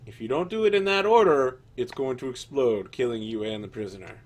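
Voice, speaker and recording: A man's voice: mid-range voice, lively intonation, a little fast, darkish tone, lightly acted. A man voicing a smug, bossy guard captain in a tabletop game. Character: gruff male guard captain, smug and threatening.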